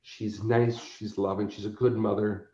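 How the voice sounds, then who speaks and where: Speaking unhurriedly with a fairly low pitch, a man who organizes conventions relates animated anecdotes during a casual podcast interview, performing each character. The sound is slightly dull and roomy.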